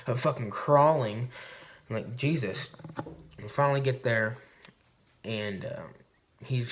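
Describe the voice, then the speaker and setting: A man's voice: fairly low pitch, a bit bright. A man vlogging to camera, telling a hunting story in a rambling, swearing, casual way. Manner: rambling and profane, recounting a hunt.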